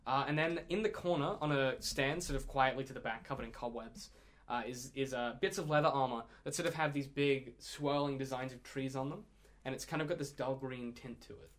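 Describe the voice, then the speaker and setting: A man's voice: medium pitch, a little fast, fairly bright tone. A man running a tabletop game as game master, narrating with a loose, rambling delivery. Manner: rambling, many ums and restarts.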